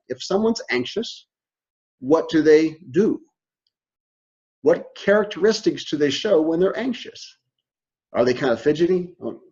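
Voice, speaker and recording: Husky-voiced man giving a casual lecture. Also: fairly high pitch, darkish tone. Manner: conversational, acts out quoted reactions. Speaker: university instructor. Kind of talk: recorded lecture. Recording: dull lo-fi recording.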